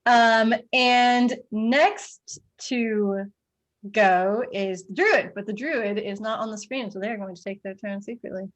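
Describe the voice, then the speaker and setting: Giggly woman dm, kinda high voice, lots of ums while she narrates the game. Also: slow pace. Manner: giggly, rambling with many fillers. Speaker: dungeon master.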